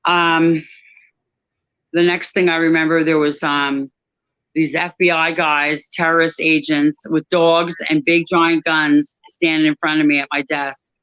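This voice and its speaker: A woman giving a personal testimony about her work at an airline crew desk, talking in a halting way with many pauses and restarts. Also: sits low, level tone, a bit bright, smooth, dry recording, lo-fi sound.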